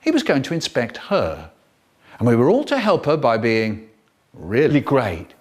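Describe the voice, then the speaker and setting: A man's voice: medium pitch, huge pitch swings, unhurried, breathy edge. A man telling comic stories in spliced bits, jumping between the voices of family members. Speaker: storyteller.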